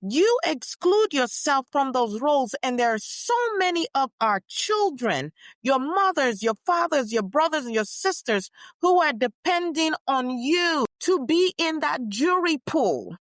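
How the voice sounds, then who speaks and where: A woman playing an older female activist who looks back on her prison years in a first-person interview, telling it with emphatic, measured storytelling. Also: sits high, big pitch swings, fairly bright tone, no echo, studio quality, exaggerated voice. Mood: impassioned. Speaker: guest portrayed in interview.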